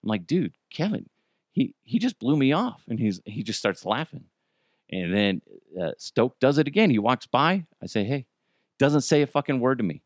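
A Cajun man hosting his own podcast, spinning gossipy, joking stories with the odd curse. His pitch jumps around animatedly from phrase to phrase. The sound is close and dry, with no room around him. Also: normal speed, dry recording. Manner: animated, joking, profane storytelling. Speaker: podcast host. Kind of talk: casual comedic monologue.

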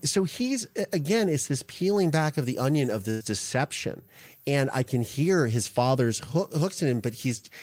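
Earnest, halting man in his forties. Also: mid-range voice, darkish tone. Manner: halting, many restarts, earnest. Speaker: interview guest. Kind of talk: emotional podcast interview.

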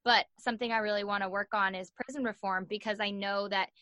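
A young woman in an interview telling a story in a casual, animated way, full of "like" fillers and acted-out quotes. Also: medium pitch, quick pace, no room sound. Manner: animated, acts out quoted voices, many "like" fillers. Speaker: guest.

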